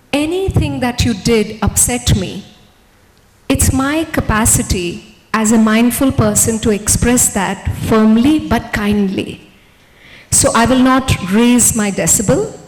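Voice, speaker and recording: A middle-aged Indian woman giving a gentle motivational talk with audience questions, softly spoken and animated when she acts out dialogue. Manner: soft-spoken, gentle, acts out dialogue with lively pitch jumps. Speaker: speaker at a women's forum session. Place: large event hall. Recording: long hall reverb.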